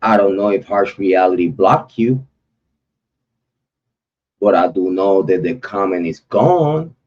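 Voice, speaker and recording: A very low-voiced man drawls through a casual livestream, unhurried and repetitive, full of slang and heartfelt shout-outs. The sound is dull and lo-fi, like home stream audio. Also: lively intonation. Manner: loose, repetitive, heartfelt slang-filled rambling. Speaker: true crime livestream host.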